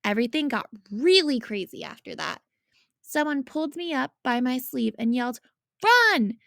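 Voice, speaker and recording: A woman reads a novel aloud in a lively, storytelling manner. Her voice is fairly high with a gravelly rasp. The recording is dry and close. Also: normal speed, no echo. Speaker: reader.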